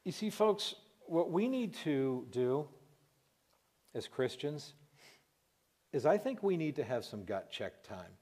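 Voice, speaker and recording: A middle-aged man giving an emotional personal testimony, his voice breaking as he pauses and restarts. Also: on the high side, sing-song, darkish tone, breathy edge. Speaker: Christian radio host telling a personal story.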